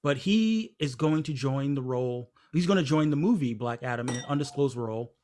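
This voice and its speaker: A man's voice: mid-range voice, expressive, a little fast, a little mellow, a little hiss or hum. A man hosting a podcast, rambling and laughing while running through the news. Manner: rambling, laughing, trying to keep on track. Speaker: podcast host. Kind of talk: casual chat.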